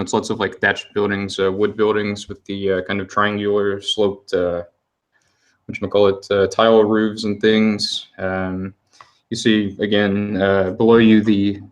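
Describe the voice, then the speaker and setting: A man narrating as game master, relaxed and full of fillers as he describes scenes. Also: on the low side.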